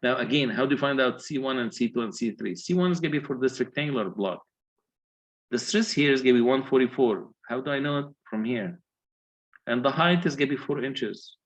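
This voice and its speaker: A man with a medium-pitched, animated voice lectures briskly on engineering. Methodical, he works through calculations step by step and puts questions to his students.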